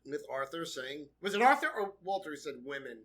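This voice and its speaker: A man on a podcast with a fairly high, bright voice adds to an episode recap. He often murmurs agreement and echoes his co-host's words. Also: sing-song, fairly quick. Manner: frequent murmured agreement, repeats lines back. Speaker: podcast co-host. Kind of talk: casual recap chat.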